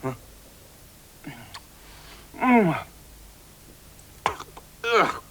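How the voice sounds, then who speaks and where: A man's voice: high-pitched, very animated, drawn-out words, sharp tone, a little hiss or hum, poor audio. A man hosting a children's comedy, chatting and coaxing his puppet friends. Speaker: host and puppeteer.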